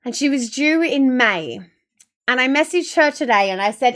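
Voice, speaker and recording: Higher-voiced young woman streamer, rambling. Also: expressive, moderate pace, fairly bright tone. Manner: rambling, emotional storytelling. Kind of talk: casual chat to stream viewers.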